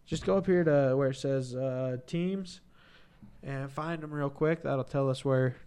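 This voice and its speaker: A man co-hosting a casual podcast, easygoing and chatty, reacting quickly to his co-host. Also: mid-range voice, warm tone, smooth. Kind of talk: casual chat.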